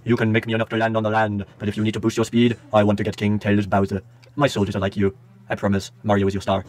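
A pompous, gruff male bomb king from a video game, as a male streamer puts him on. He speaks in a lowered, haughty voice. Every line comes out as a grand proclamation. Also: completely flat delivery, fast, natural voice.

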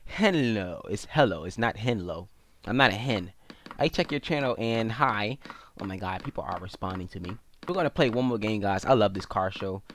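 Excitable man doing jokey game commentary. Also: brisk, a little hiss or hum. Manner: excitable and jokey, jumping into high squeals. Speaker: gaming video host. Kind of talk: playful let's-play commentary.

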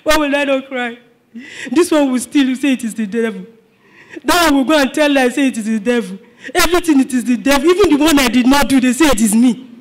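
A man's voice: very high voice, quick pace, poor audio. A man voicing a male devil who complains tearfully that everyone blames him. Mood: aggrieved. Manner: whining, aggrieved protest. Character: self-pitying crying male devil, complaining.

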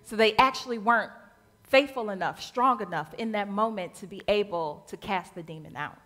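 A woman minister preaching a sermon in a colloquial, animated style with rhythmic repetition, in a church sanctuary. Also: mid-range voice, normal speed. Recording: long church reverb.

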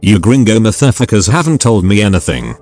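A man's voice: lowish voice, sing-song, fairly quick, a little mellow, soft background music. A synthetic male text-to-speech voice reading the lines of a frightened young male rookie mage who pleads with his captors. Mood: scared.

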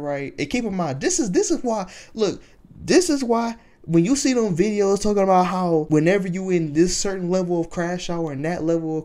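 A man's voice: fairly high pitch, a little mellow. A young man telling a casual storytime, swearing freely and rambling with lots of fillers. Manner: profane, rambling with many fillers.

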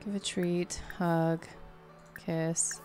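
A woman's voice: fairly low pitch, level tone, very slow, darkish tone, faint music behind. A woman giving casual, chatty commentary over her life-sim game, talking to her characters and laughing often. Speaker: gameplay streamer.

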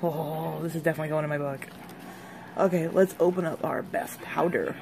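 A woman vlogger chatting casually through an unboxing, excitable and gushing over each product. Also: sits low, brisk, creaky, noisy background.

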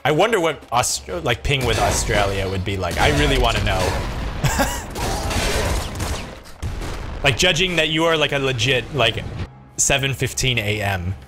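A man casually commenting on a co-op game while streaming, jokey and swearing, with sudden excited yells. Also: mid-range voice, a little fast. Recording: game music and gunfire underneath. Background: game music and gunfire.

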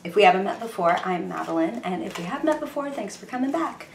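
A young woman chatting casually and excitedly through a tarot reading, full of fillers and quick apologies. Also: mid-range voice, vocal fry, echoey room, slight background noise. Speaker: tarot reader.

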